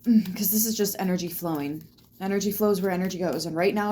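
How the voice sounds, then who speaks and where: A woman's voice: medium pitch, fairly even intonation, quick pace, dark tone, a little hiss or hum. A woman giving a casual tarot reading, chatty and reassuring, swearing freely as she talks straight to the viewer. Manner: loose and chatty, swears freely, lots of fillers; reassuring, speaks straight to the listener. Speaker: tarot reader.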